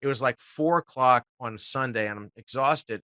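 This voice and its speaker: A man, a guest voice actor, telling animated stories in casual talk and swearing freely. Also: medium pitch, moderate pace, dry recording. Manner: swears casually, acts out quotes. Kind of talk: animated storytelling.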